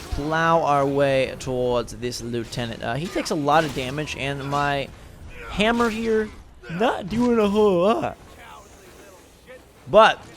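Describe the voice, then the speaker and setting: A man's voice: mid-range voice, background noise. Casual man commenting over gameplay. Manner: casual, enthusiastic rambling with fillers. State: tired, late at night. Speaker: gaming video host.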